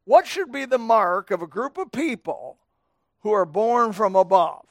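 A man's voice: high voice, animated, a little slow, dry recording. A middle-aged male pastor preaching a midweek sermon to his congregation, in a folksy, conversational way with asides to the people in front of him. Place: church sanctuary.

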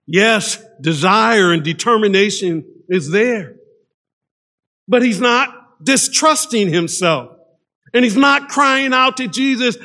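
A male pastor preaching a sermon, emphatic, dropping low and quiet then rising to strong stress. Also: animated, takes it slowly. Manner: emphatic, swings between loud stress and low hushed lines.

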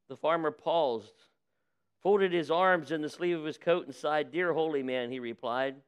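A man preaching as a pastor, who reads a parable aloud with lively voices for its people and then preaches on it. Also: fairly high pitch, normal speed, smooth. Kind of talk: sermon with a read-aloud story. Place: church.

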